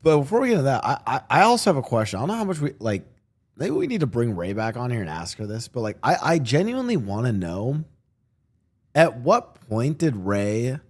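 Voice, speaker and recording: A man hosting a casual chat, animated and quick to laugh, stammering as he starts his points. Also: medium pitch, breathy edge.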